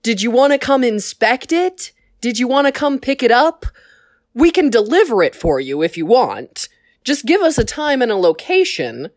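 Brief: businesslike alien cloner, overly helpful, put on by a woman, lifted pitch, dry close sound. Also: very animated, normal speed, dry recording. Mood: chirpy. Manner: cheerful customer-service tone.

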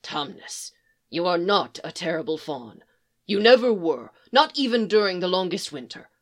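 A kindly old male beaver, as a woman reads him in a storybook, speaks gently and soothingly, often in a breathy voice. His voice sits low and unhurried. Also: animated. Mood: gentle. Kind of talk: storybook reading.

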